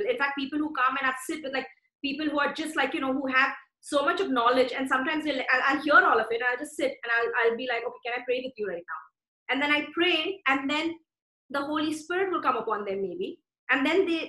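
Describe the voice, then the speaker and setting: A woman's voice: high voice, bright, forceful tone, roomy sound, low-quality recording. A woman preaching a sermon with fervent, conversational delivery and repeated phrases.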